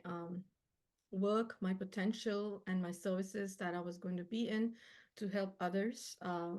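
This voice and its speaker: A woman appearing as a guest healer in a casual chat, speaking gently and warmly. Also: mid-range voice.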